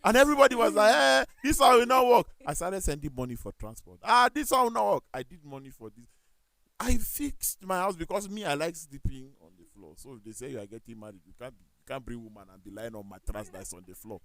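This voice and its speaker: Animated Nigerian man telling stories. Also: medium pitch, quick pace, no room sound. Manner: animated storytelling with quoted dialogue and self-corrections. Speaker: talk show panelist. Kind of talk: casual studio discussion.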